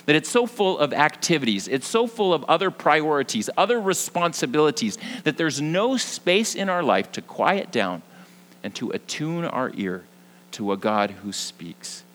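A young man preaching a sermon as pastor, earnest, moving between lively emphasis and hushed, soft passages. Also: on the high side, normal speed, rough recording.

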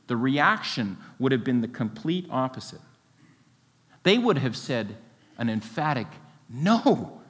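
A man preaching a sermon, expressive and full of rhetorical questions, with a light laugh now and then. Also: fairly high pitch. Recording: long hall reverb.

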